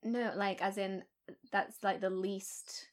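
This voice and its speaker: A woman's voice: mid-range voice, flat delivery, takes it slowly. A young woman co-hosting a podcast, chatting casually and rambling with frequent laughter. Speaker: podcast co-host. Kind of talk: casual chat.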